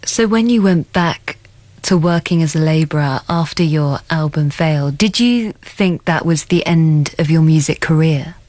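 A woman with a fairly low voice narrates a documentary and puts questions to her guests. Her delivery is measured and clear. The recording is dry and close. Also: darkish tone, dry recording. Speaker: documentary host and interviewer. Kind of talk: scripted narration and interview questions.

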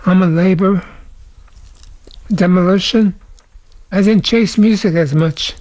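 An older American man giving short, halting interview answers in a soft-spoken way. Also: sits high, dry recording. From United States. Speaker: interviewee, musician.

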